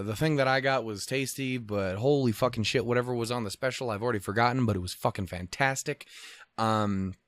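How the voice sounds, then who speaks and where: A young man from Montana hosting a casual solo podcast, rambling and swearing, acting out other people in animated quotes. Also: mid-range voice, no room sound. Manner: profane, rambling, animated quoting. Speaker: podcast host.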